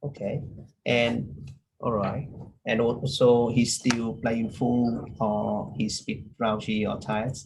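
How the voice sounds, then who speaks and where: A man playing a doctor in a practice medical exam, asking polite questions haltingly with many fillers. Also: medium pitch, level tone, creaky, darkish tone, a little hiss or hum, rough recording. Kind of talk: medical exam role-play.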